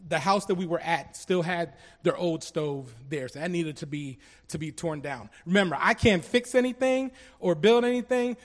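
A man from Colombia giving an earnest, halting personal testimony to a church congregation, with many restarts. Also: fairly high pitch. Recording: long reverb of a large hall.

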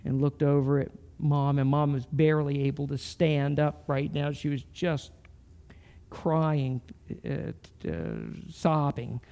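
Middle-aged male pastor, gravelly warm voice, unhurried earnest sermon storytelling. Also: on the high side, flat delivery. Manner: slow, storytelling, earnest with soft pauses.

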